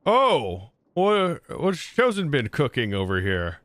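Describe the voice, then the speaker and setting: A man's voice: mid-range voice, wildly swooping pitch, takes it slowly, fairly bright tone, dry recording, heavily acted. A man voicing a fussy, chirpy British man fixated on his tea, in a clumsy mock British accent.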